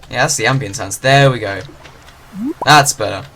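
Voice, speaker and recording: A man's voice: medium pitch, moderate pace. A man giving casual, rambling commentary on a farming game, full of fillers. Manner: chatty, rambling, with many fillers. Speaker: gaming channel host. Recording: game ocean noise behind.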